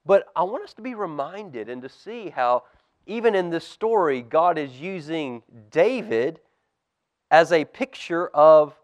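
Pastor reading a storybook to children. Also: male voice, on the high side, measured pace, no echo. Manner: animated, dropping to a hush for suspense. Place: church service.

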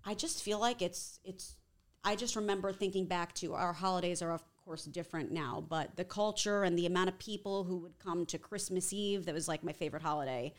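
Brief: TV reporter woman, Long Island accent, lively casual podcast guest. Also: fairly low pitch, a little fast. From Long Island, New York. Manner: animated, chatty, laughs easily. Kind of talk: casual chat.

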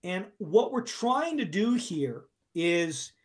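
A man with a noticeably high-pitched voice talks as a podcast guest. He explains coaching ideas in an emphatic, teacherly way, checking that the listener follows. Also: big pitch swings, slow. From United States. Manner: emphatic teacherly explaining, asks if it makes sense.

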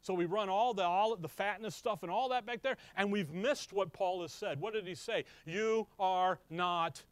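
A man delivers a sermon with no echo, asking the congregation question after question and supplying his own answers. Key words come out slowly, and he shifts from loud emphasis to quiet, low asides.

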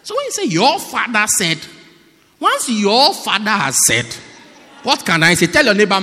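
Animated pastor preaching with wide swings. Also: male voice, high-pitched, normal speed. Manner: animated, mimics excuses, bursts into shouts. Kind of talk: lively sermon. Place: church. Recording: echoey church hall.

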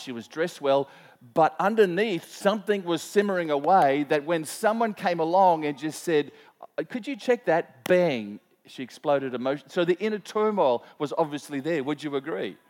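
A man's voice: a little high, a little mellow. A man preaching a sermon, telling a story in a conversational way with many restarts and questions to the congregation. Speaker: pastor. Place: church hall. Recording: long reverb of a church hall.

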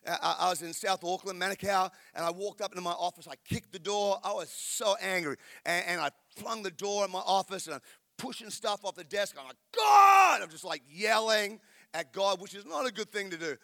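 A pastor, preaching a sermon in a candid, storytelling, emphatic way. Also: male voice, high voice, fairly quick, creaky, pushed and bright.

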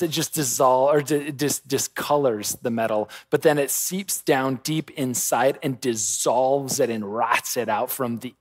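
A man preaching a sermon, swinging between quiet intensity and raised urgency. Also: mid-range voice, no room sound. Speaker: pastor.

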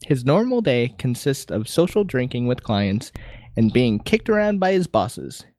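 A man co-hosting a podcast in relaxed, loose chat. His pitch moves a lot as he talks, and he laughs often. The mic sits close and the sound is dry, with no room echo. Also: unhurried. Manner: laughs often, animated delivery. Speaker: podcast co-host. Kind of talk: casual chat.

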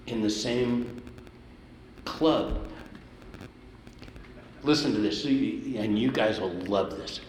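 Older man telling stories in a hall. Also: slight background noise. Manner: animated anecdotes, swings up in pitch for emphasis. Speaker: composer, speaker at an event. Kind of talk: storytelling to an audience.

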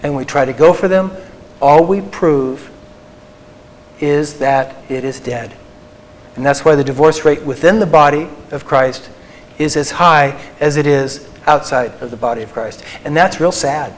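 A man with a voice pitched a bit above the usual talks to a live audience as a Christian counselor. He speaks in a folksy, earnest way and often lets his voice fall soft and confessional. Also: measured pace, a little hiss or hum. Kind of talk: personal talk with stories to a live audience.

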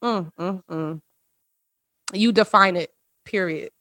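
A woman's voice: lowish voice, takes it slowly, bright, forceful tone, dry recording. A woman hosting a casual podcast chat with friends over a video call, talking in a heartfelt, emotional way and laughing often. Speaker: podcast host.

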